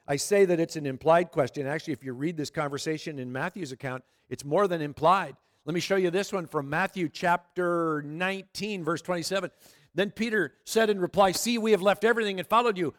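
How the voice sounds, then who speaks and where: A man's voice: high-pitched, fairly quick, long reverb tail. Conversational pastor, a man preaching. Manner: conversational, asks the congregation questions. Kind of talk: sermon.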